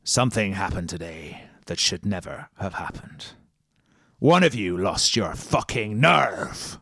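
A man voicing a ruthless ship captain who speaks with a quiet, menacing calm in a tabletop game. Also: low-pitched, measured pace, gravelly, husky, no echo, heavily acted.

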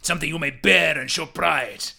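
A man's voice: fairly high pitch, a little fast, vocal fry, a crowd in the background. A man putting on a grand hairy foreign villager. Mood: grandiose. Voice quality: put-on foreign accent. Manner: theatrical, grand and menacing.

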